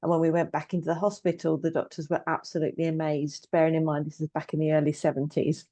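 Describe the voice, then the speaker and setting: A woman's voice: deep voice, little pitch movement, quick pace, mellow, dry recording. Give me a woman in her fifties telling her story plainly and evenly, close and dry on the mic. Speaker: guest, trauma coach and therapist. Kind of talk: personal story in casual conversation.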